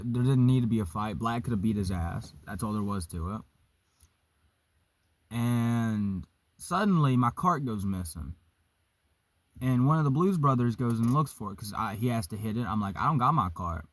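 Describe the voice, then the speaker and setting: A young man casually telling a story, profane and animated, vaping as he talks. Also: on the low side, measured pace, dry recording. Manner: vaping while talking.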